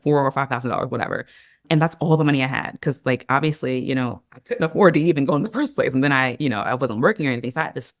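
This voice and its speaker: A woman talks through a personal story as a podcast guest, animated and chatty, peppering her speech with casual fillers. Her voice is recorded close up in a dry space with no room sound. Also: rumbling low, no echo. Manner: animated, chatty, heavy use of "like" and "girl".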